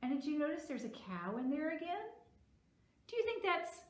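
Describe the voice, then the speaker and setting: A woman librarian reading a story aloud to children, animated and asking them questions. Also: high-pitched, normal speed. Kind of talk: virtual children's story time. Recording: echoey room.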